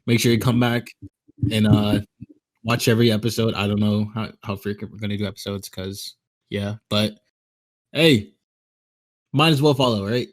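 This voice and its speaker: A man's voice: on the low side, steady tone, normal speed, pauses often, no room sound, poor audio. A young man co-hosting a podcast, laid-back and slangy, swearing casually. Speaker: podcast co-host.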